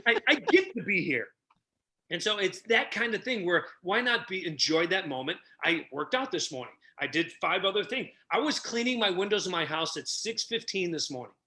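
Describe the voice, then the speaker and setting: A middle-aged man who tells stories with a lot of energy on a podcast and acts out the people he quotes. He works as a relationship coach. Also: normal speed. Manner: energetic, acts out quotes with big pitch jumps. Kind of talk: animated storytelling.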